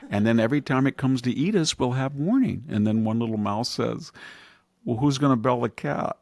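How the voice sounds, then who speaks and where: A man's voice: mid-range voice, creaky, a little mellow, no echo. An older man hosting a podcast, giving casual political commentary and acting out quoted voices with a chuckle. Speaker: podcast host, historian.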